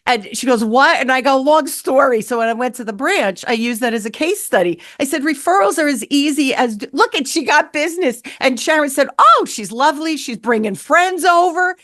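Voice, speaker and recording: A middle-aged woman hosting a sales podcast, telling stories in a lively way and acting out the voices of the people she quotes. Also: high-pitched, brisk, hardly any pauses, dry recording, studio quality. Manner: animated, acts out quoted voices. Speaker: podcast host. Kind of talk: storytelling interview chat.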